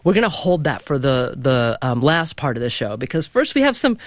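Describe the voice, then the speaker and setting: A radio host from Oregon, leading an interview in an engaged, conversational way and sharing firm opinions. The voice sits at a medium pitch and is recorded close and dry. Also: big pitch swings, fairly quick, dry recording. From Oregon, American West.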